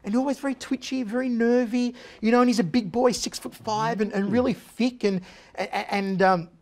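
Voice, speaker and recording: A middle-aged man telling a comic anecdote as a guest on a talk show, animated and chatty. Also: very high-pitched, normal speed. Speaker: guest, former TV interviewer. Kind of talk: casual storytelling anecdote.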